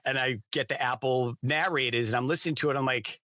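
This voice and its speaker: Bright-voiced enthusiastic male podcast host. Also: mid-range voice, steady tone, fast talker, no echo, studio quality. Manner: enthusiastic, gushing. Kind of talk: casual interview chat.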